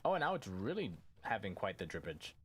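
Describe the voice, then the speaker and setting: A man's voice: fairly low pitch, sing-song, a little fast, fairly bright tone, breathy edge. Goofy young man chatting over a game. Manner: goofy, talks back to the game, easily startled. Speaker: gaming youtuber. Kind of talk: casual gameplay commentary.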